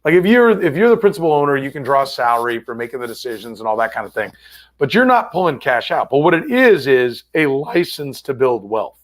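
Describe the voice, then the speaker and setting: A man's voice: medium pitch, sing-song, fairly quick. Rambling, chatty sports talk man. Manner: rambling, self-correcting storyteller. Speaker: sports radio host. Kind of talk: casual podcast chat. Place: studio.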